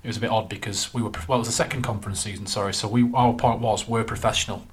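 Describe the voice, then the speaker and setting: A man's voice: lowish voice, fairly even intonation, rapid-fire. A man co-hosting a casual football podcast, chatting and reeling off lists of names with plenty of fillers. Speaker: podcast co-host.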